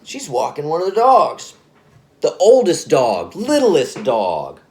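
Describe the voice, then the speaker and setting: Male storyteller, casual and rambling, lively swooping delivery. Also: on the high side, slow. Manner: casual, rambling, self-correcting. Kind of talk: spoken scary story narration.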